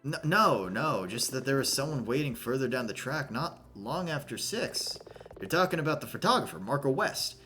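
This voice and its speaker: A man's voice: mid-range voice, expressive, moderate pace, bright, forceful tone, faint music behind. A man reading an earnest young lawyer. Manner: earnest, questioning, slightly hesitant. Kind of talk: reading game dialogue aloud.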